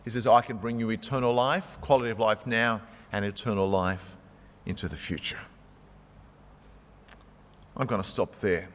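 A man's voice: fairly low pitch, steady tone, moderate pace, long pauses, big-room sound. A man preaching a sermon as pastor, talking in a conversational way and retelling stories through quotes.

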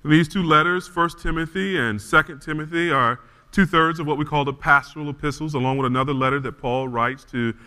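Bright-voiced preacher in a reverberant church. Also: male voice, fairly high pitch, fairly quick, clear, resonant tone. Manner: animated storyteller, frequent restarts. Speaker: pastor. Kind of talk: sermon with storytelling.

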